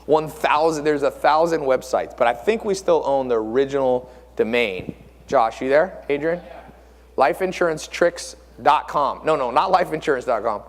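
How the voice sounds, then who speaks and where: A man's voice: mid-range voice, normal speed. Man speaking in an echoing hall. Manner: animated, rhetorical questions to the audience. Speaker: speaker at a mentor conference. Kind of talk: live seminar talk. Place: conference room with audience. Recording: long reverb of a hall.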